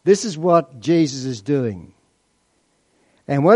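A man preaching a sermon, asking rhetorical questions and slowing down to stress key points. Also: a little high, expressive, darkish tone.

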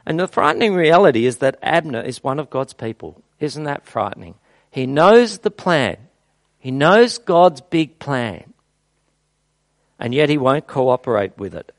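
Lively man preaching. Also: medium pitch, no room sound. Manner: conversational, animated storytelling, rhetorical questions. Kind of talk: expository sermon.

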